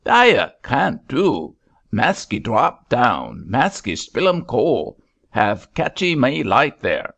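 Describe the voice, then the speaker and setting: A man voicing a grinning, cheeky ship's sailor who talks in clipped broken pidgin, pitched well above his own voice. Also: huge pitch swings, slow pace, gravelly, fairly bright tone, full character voice. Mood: pained.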